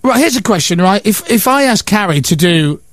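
Lively, high-voiced male radio presenter. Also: a little fast, no echo. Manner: animated, laughing, acts out quotes in funny voices. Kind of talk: casual radio chat. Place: radio studio. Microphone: studio microphone.

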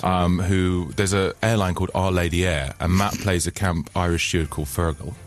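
A man's voice: sits low, steady tone, normal speed. A man, a comedy actor, chatting playfully as a guest in a radio studio interview, teasing and laughing often.

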